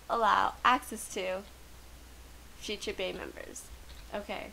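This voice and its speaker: A woman giving chatty, excitable commentary while playing a life-simulation game. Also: fairly high pitch, a little slow, pauses often, a little hiss or hum, low-quality recording. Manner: chatty, excitable, gasps and laughs often. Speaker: let's play gamer. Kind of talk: casual gameplay commentary.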